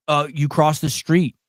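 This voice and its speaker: A middle-aged man with a slightly high voice hosts a podcast in studio-quality audio with no echo. His casual chat is blunt and full of fillers and restarts.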